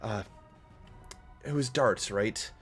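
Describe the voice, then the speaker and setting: Man playing a huntress woman, wary, chiding, measured, low voice, faint music behind. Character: wary female huntress, firm and dry.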